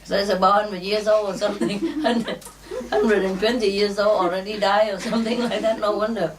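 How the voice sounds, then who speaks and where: A woman's voice: medium pitch, fairly even intonation, brisk, recorded from a distance, background noise. A woman and spiritual teacher telling a string of jokes to an audience, often laughing at her own punchlines.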